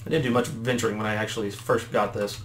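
A man's voice: fairly low pitch, flat delivery, quick pace, a bit bright, soft background music. A man hosting a let's play, chatting casually and rambling, often correcting himself. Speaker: gaming channel host. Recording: roomy echo, faint background noise.

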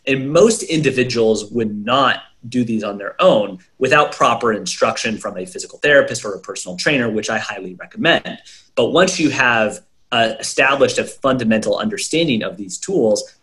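A man's voice: mid-range voice, a bit bright. A man, a young adult brain health coach, talking as an interview guest in an earnest, lecturing way, listing examples and checking in with "right?". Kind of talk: explanatory interview talk.

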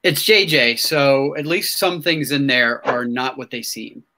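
Excitable bright-voiced podcast host. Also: male voice, mid-range voice, a little slow, a little hiss or hum. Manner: excitable, rambling fan talk with many restarts. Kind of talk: casual chat.

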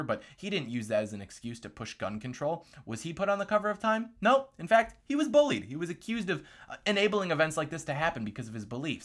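A man's voice: mid-range voice, a bit bright. A man hosting a political commentary vlog, talking in a sarcastic, mocking way.

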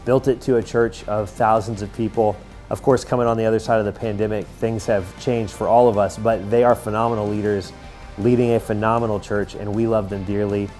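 A man's voice: on the low side, level tone, brisk, a little mellow, faint music behind. A man leading a church's announcements in an upbeat, encouraging way before introducing a guest preacher. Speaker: church leader giving announcements.

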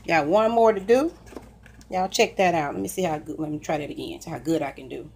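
A woman's voice: sits low, fairly quick, vocal fry, noisy background. A woman chatting casually to viewers while she cooks breakfast in her home kitchen, folksy and talkative. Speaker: cooking vlogger. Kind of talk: casual cooking chat.

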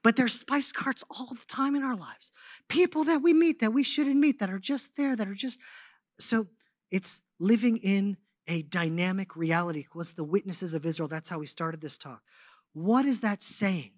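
A man giving a sermon as a guest speaker, telling stories in an animated, conversational way with lots of casual fillers. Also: high-pitched, normal speed, no room sound, studio quality. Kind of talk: storytelling sermon.

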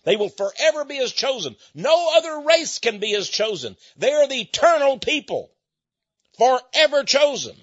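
American male radio host, folksy and emphatic, repeats his points; husky tone, muffled lo-fi audio. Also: extremely high pitch, very animated, moderate pace, fairly bright tone, no room sound. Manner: folksy and conversational, with chuckles. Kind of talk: monologue lecture. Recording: dull lo-fi dry recording.

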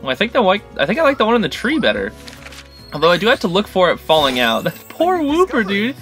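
Lively, excitable young gamer guy. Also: high-pitched, quick pace, soft background music. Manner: excitable, talks to the creatures on screen. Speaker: gaming channel host. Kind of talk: let's-play commentary.

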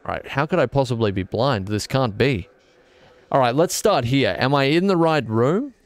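A man's voice: mid-range voice, expressive, normal speed, dry recording. A young man streaming a game, rambling and joking as he answers his chat. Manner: rambling, jokey, talks back to chat. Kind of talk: casual gaming stream commentary.

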